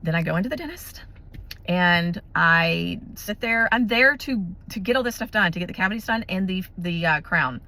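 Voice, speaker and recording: A woman's voice: fairly low pitch, moderate pace. A woman, casually telling a personal faith story to her viewers, chatty and full of restarts. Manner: chatty, animated, many restarts and fillers. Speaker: vlogger sharing a testimony.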